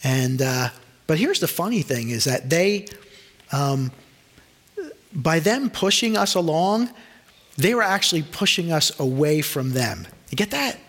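A man's voice: on the high side, big pitch swings, measured pace, fairly bright tone. A middle-aged male pastor preaching a sermon, telling personal stories and acting out the voices of the people in them. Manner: storytelling, acts out quoted voices.

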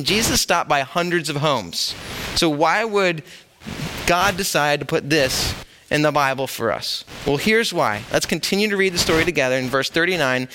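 A man's voice: fairly high pitch, noisy background. A middle-aged man preaching a sermon in a conversational, joking way, talking straight to the congregation. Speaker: pastor.

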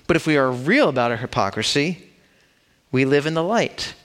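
A man's voice: on the high side, animated, moderate pace, fairly bright tone. A man preaching a sermon in a casual, conversational way, acting out the story as he tells it. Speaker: pastor.

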